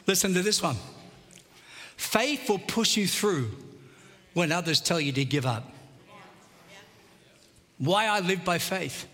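A male pastor preaches with fervour and calls out to his congregation for a response. His voice is very high and bright, often rising to a shout. It rings through a large church hall with a long reverb. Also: expressive, slow pace, pauses often, a faint crowd. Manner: fervent, call-and-response preaching. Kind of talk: sermon.

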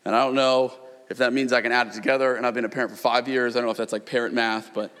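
A man in his thirties preaching a sermon in a large church, telling stories with animated energy that climbs to near-shouts. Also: medium pitch, very fast. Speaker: pastor. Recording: long hall reverb.

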